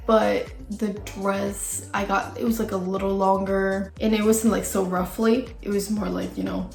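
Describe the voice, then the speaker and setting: Young woman with vocal fry, chatty. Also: mid-range voice. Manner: chatty, filler-heavy, gossipy with frequent "like". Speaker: vlogger. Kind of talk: casual storytime. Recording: echoey room with faint music.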